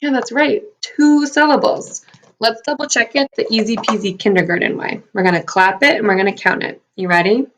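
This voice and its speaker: A woman's voice: on the high side, fairly bright tone. Upbeat woman teaching young kids. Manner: upbeat, encouraging, speaks slowly and clearly to young kids; sounds out letters and syllables deliberately. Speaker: first grade teacher. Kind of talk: recorded video phonics lesson for children.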